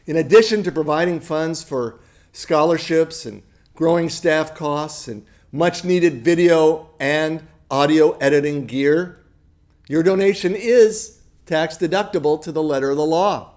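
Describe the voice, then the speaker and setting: A man's voice: a little high, measured pace, darkish tone. A man hosting a fundraiser video, reading an upbeat scripted appeal for donations. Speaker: fundraiser host.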